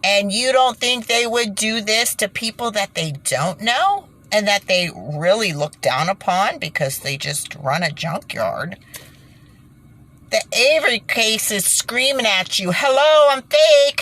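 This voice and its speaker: A woman's voice: medium pitch, fairly bright tone. A woman giving indignant commentary, repeating points for emphasis, then reading a news report aloud and stumbling over words. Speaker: video creator reading news. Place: indoors by fading daylight.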